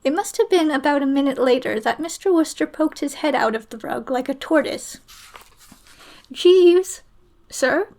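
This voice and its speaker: A woman reading a story aloud in a measured, expressive way, as a storyteller. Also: sits high, vocal fry.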